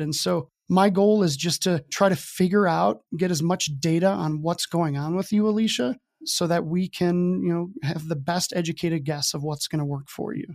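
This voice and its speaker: A man with a fairly high voice, recounting a hard stretch of life as a podcast guest. He talks in a casual, candid way and drops in dry jokes at his own expense. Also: normal speed, few pauses, a little mellow. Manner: casual, candid, with wry self-deprecating humor. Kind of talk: candid storytelling.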